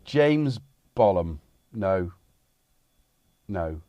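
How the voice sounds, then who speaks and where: Chatty man with a lively voice. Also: low voice, drawn-out words, dry recording, muffled recording. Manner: chatty, meandering, self-interrupting. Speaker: livestream host. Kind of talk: rambling casual chat. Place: home studio.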